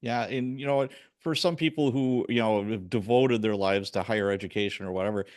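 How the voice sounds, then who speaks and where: A man hosting a podcast, chatting casually and telling a personal story with lively acted-out quotes. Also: lowish voice, brisk. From Chicago area. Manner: animated storyteller, acts out quoted voices. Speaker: podcast host. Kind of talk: casual interview conversation.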